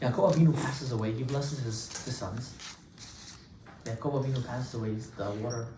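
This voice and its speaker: A man, a rabbi, giving an informal Torah class with animated storytelling, swinging his pitch and loudness for emphasis. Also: normal speed, reverberant, recorded from a distance, background noise. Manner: talks to class, asides to listeners.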